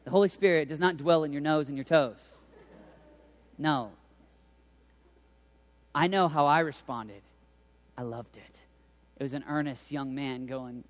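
A man in his thirties preaching a sermon, swinging between hushed near-whispers and loud shouted cries. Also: mid-range voice, steady tone, moderate pace, pauses often. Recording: long hall reverb.

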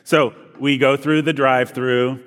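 A man preaching as a pastor, telling a funny personal story in a relaxed, self-deprecating way. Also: medium pitch, measured pace. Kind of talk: sermon with a humorous personal story. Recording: long reverb of a large room.

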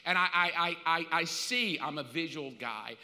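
A middle-aged male pastor preaching a sermon in a casual, animated storytelling way. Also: a little high, normal speed. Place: church sanctuary. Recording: reverberant church hall.

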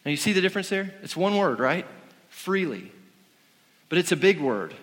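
A man's voice: high-pitched, lively intonation, fast, fairly bright tone, big-room sound. A man preaching a sermon in an earnest, conversational way, often restarting his sentences. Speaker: pastor.

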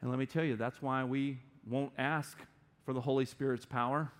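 A middle-aged man preaching a sermon as pastor, animated and playful, slipping into quick put-on voices. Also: medium pitch.

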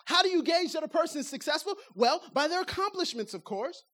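A woman preaching a lively sermon in a conversational way, firing rhetorical questions at the congregation and acting out everyday talk to make her points. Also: high voice, fairly quick.

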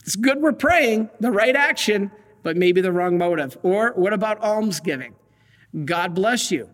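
A Catholic priest giving a conversational sermon, telling stories with folksy asides and light humor. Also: male voice, sits high, animated, unhurried, fairly bright tone, big-room sound.

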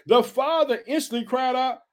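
A man preaching an energetic sermon, hyping up his listeners, calling them family and repeating his catchphrases. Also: extremely high pitch, moderate pace.

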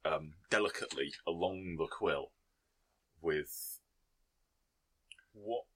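A man running a tabletop game as game master, describing scenes slowly with many ums and restarts. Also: low voice, a bit bright, husky. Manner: hesitant, full of ums and restarts.

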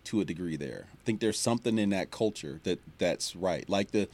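A man's voice: deep voice, expressive, a little fast, a little mellow. A man co-hosting a casual sports talk show, emphatic and repeating his points for stress.

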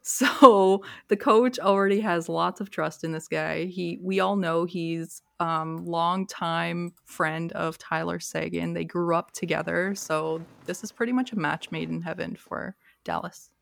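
Slow, gravelly-voiced woman hockey analyst. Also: on the low side, steady tone, a bit bright, no echo, clean studio sound. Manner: measured, corrects herself mid-sentence. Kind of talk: post-game sports talk.

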